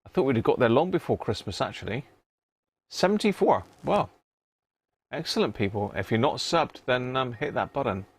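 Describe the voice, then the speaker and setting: Very animated and husky, a man with a medium-pitched voice and moderate pace hosts a casual live stream. At his electronics workbench he repairs a vintage radio, chatting with viewers, answering their chat, and muttering to himself while testing parts.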